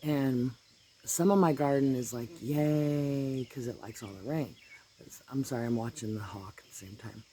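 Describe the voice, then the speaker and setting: Gravelly, allergy-stuffy man chatting outdoors. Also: mid-range voice, brisk, warm tone, slight background noise. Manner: rambling, easygoing, drifts into asides. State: congested from allergies. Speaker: vlogger. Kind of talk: casual chat. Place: outdoors in a garden.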